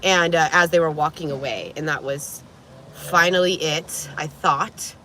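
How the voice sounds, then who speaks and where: A woman vlogger recounts a story from inside a vehicle, her voice bright and ringing. She talks in an animated, profane rush, breaking into laughter and coughs, with a faint hum of ambience behind her. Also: deep voice, measured pace. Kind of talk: casual storytelling to camera.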